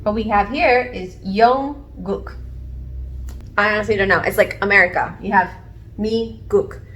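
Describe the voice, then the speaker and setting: Framed by the camera at an indoor whiteboard, a Puerto Rican woman teaches viewers as an online language learner, in a chatty, encouraging, self-deprecating style. Her medium-pitched, fairly bright voice moves a little slowly, with faint music behind.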